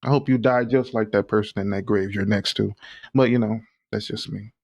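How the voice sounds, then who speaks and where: A man co-hosting a podcast in casual chat, animated and exasperated, swearing often. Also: fairly low pitch, a little fast, gravelly, no room sound. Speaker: podcast co-host.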